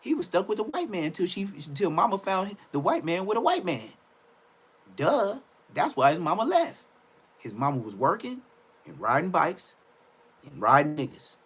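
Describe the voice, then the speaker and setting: A young man trash-talking on a livestream, loud and mocking. His pitch swings up and down with lively energy. He keeps repeating phrases and stumbles over his words. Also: normal speed, breathy edge.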